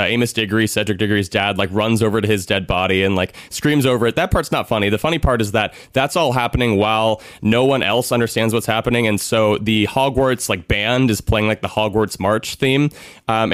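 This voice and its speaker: A man's voice: fairly low pitch, fairly bright tone, clear, resonant tone, dry recording, clean studio sound. A young man hosting a podcast, rambling casually with lots of fillers. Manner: rambling, filler-heavy, laughs often. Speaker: podcast host.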